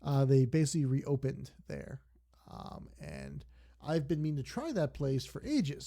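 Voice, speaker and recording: A man's voice: mid-range voice, big pitch swings, normal speed, gravelly, warm tone. A young man streaming a game, chatting casually and drifting off into long digressive stories. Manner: rambling, digressive storytelling. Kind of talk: casual stream chat while gaming.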